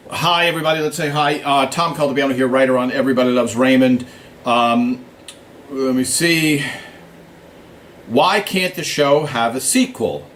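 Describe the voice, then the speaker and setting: A man's voice: medium pitch, a bit bright, slight background noise. A man hosting a casual live Q&A stream from a small studio, chatting with viewers, greeting them by name and thinking aloud with plenty of fillers. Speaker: show writer hosting a live fan Q&A stream. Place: small studio with a blue backdrop, in Hollywood.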